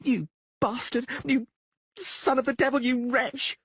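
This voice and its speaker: A man's voice: extremely high pitch, fairly even intonation, unhurried, a bit bright, slightly rough, no room sound, studio quality, voice pushed up, exaggerated voice. A man voicing a furious plump blonde woman, screaming insults in an audiobook. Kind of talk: audiobook character voice.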